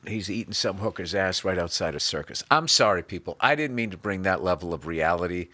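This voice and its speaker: A man's voice: deep voice, animated, a little fast, sharp tone, dry recording. A man hosting a podcast, ranting sarcastically with lots of swearing. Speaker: podcast host. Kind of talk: comedic rant.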